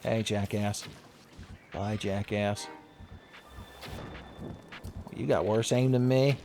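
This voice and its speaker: A man's voice: on the low side, steady tone, unhurried, gravelly, background noise. A man giving joking, profane let's-play commentary while he plays, with a lot of laughter. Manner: joking, swearing, frequent laughs. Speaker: gaming video host.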